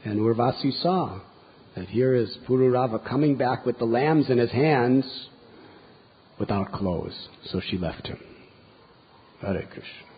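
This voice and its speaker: A man's voice: medium pitch, lively intonation, measured pace, pauses often, slightly rough. A man giving a scripture lecture, retelling a story vividly and drawing moral lessons from it. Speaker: spiritual teacher. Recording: dull lo-fi lecture recording.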